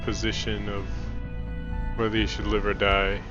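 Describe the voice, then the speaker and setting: A man's voice: lowish voice, completely flat delivery, moderate pace, fairly bright tone, lo-fi sound, soft background music. A man streaming a video game, chatting casually and thinking aloud with many restarts. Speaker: gaming streamer. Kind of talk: casual let's-play commentary.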